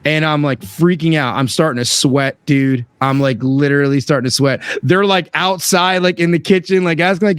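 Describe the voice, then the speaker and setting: A man's voice: moderate pace, few pauses, clear, resonant tone, no echo. A man telling a story casually on a podcast, acting out the people in it with big jumps in his voice. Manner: animated, acts out voices with big pitch jumps. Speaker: HVAC sales rep telling a story.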